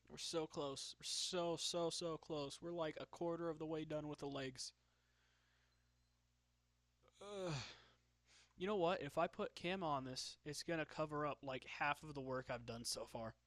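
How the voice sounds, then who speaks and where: A man's voice: fairly high pitch, normal speed, hardly any pauses, fairly bright tone, dry recording. A man chatting casually while drawing, joking about himself and laughing often. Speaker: streamer.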